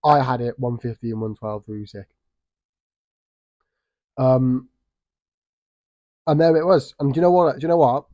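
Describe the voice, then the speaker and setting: A man's voice: medium pitch, fairly even intonation, measured pace, long pauses, warm tone, no room sound. A man giving casual, blunt vlog commentary on boxing, swearing freely and repeating phrases for emphasis. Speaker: boxing YouTuber.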